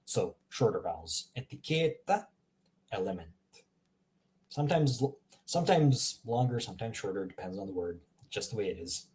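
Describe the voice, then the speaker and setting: A man giving a relaxed spoken language lesson, slowing down to model words and chuckling now and then. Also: on the low side. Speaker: language teacher.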